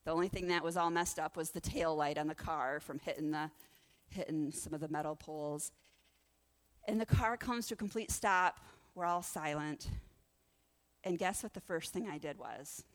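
A woman pastor preaching through a lively personal story, acting out the voices of the people in it. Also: low-pitched, moderate pace. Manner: animated, acts out the voices in her story. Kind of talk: sermon storytelling.

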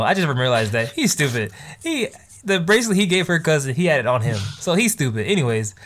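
Animated man reviewing anime. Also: mid-range voice. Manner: animated, slangy, laughing often. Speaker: host. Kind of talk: casual anime review chat.

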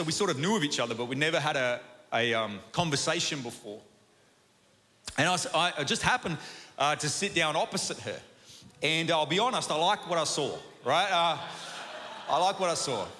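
A man with an Australian accent preaching a sermon, telling a personal story in a chatty, animated way that keeps asking "right?". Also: sits high. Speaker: pastor. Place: church auditorium. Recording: long hall reverb.

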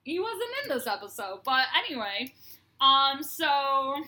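A woman's voice: sits high, very animated, measured pace, bright, forceful tone. A woman co-hosting a podcast, chatting casually through a TV episode recap with playful quoted lines and laughter. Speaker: podcast co-host.

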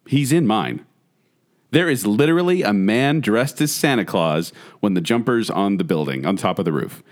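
Man, podcast co-host, casual debate, teasing, very expressive pitch. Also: normal speed. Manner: animated, teasing, argumentative.

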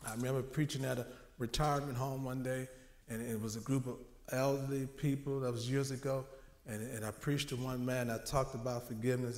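A man's voice: mid-range voice, darkish tone. Emotional preaching man in an echoey church. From New Orleans. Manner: emotional, conversational preaching with dramatic quotes. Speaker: minister. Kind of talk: sermon.

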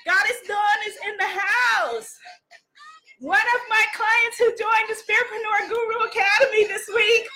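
Woman life coach on a live stream, very high and bright voice, exuberant, cheering, out of breath. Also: fairly even intonation, a little slow, a little hiss or hum. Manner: exuberant, laughing often, calling out cheers. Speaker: spiritual business coach. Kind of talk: live-streamed motivational talk.

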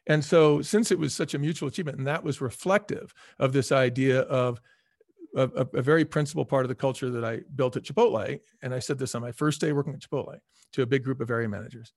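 A middle-aged man, a former restaurant executive, telling stories as an interview guest in an energetic, emphatic way. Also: mid-range voice, quick pace, vocal fry, no room sound, studio quality. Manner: energetic, emphatic, acts out quoted people. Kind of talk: casual storytelling in a podcast interview.

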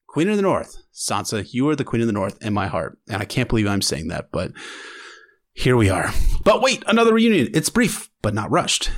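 A man's voice: medium pitch, fairly bright tone. A man hosting a podcast who recaps an episode in casual chat, full of emotional and wry, sarcastic asides. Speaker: podcast host.

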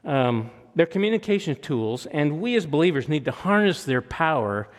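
A man's voice: fairly high pitch, moderate pace. Older man preaching in a reverberant hall. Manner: conversational, self-deprecating, with lively quoted asides. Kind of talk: storytelling sermon. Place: church hall.

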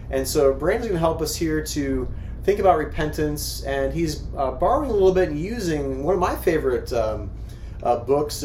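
A man leading a church teaching discussion, measured and thoughtful, with filler pauses. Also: medium pitch, a little mellow. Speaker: discussion leader. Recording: echoey room with faint ambient noise.

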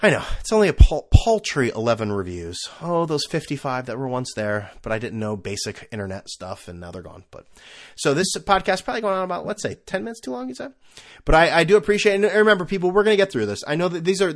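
Rambling, lively-voiced podcast host man. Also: medium pitch. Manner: rambling, self-mocking, sarcastic asides. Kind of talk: casual solo podcast monologue.

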